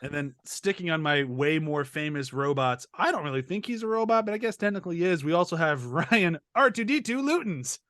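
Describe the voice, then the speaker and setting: Guy in his 30s hosting a podcast, kinda high voice, jokey and rambly, dead dry sound. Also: expressive, a little fast, few pauses, fairly bright tone, no room sound. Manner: joking, rambling, laughs often. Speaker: podcast host. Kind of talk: casual podcast chat.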